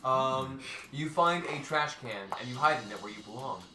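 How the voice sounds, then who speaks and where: A man's voice: medium pitch, normal speed, noisy background. A man running a tabletop game as game master, reading rolls and damage aloud with dry teasing. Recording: roomy echo, distant mic, background music.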